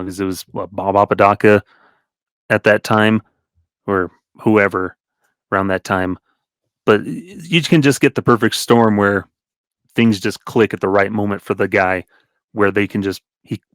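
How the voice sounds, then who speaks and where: A man talking sports with a relaxed, chatty delivery, rattling off numbers and laughing between them. His voice sits fairly low, and the recording is close and dry with no room sound. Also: moderate pace, pauses often, no room sound. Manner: reels off stats, chuckles often. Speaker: podcast co-host. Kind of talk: casual sports chat.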